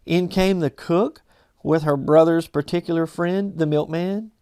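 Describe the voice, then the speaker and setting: A man reading a classic novel aloud in a measured storytelling manner. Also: on the high side, steady tone, darkish tone, clean tone, no room sound, studio quality. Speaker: audiobook reader.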